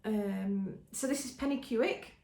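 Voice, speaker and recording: A woman's voice: on the high side, unhurried, gravelly, a little mellow. An English woman hosting a podcast, chatting casually and enthusiastically with many ums and restarts. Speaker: podcast host showing knitting. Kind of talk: casual show-and-tell chat. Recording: roomy echo.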